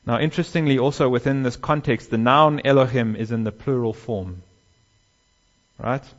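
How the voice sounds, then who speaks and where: A man preaching a sermon, swelling loud on key phrases and dropping low and soft on others. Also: moderate pace, dull audio. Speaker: pastor.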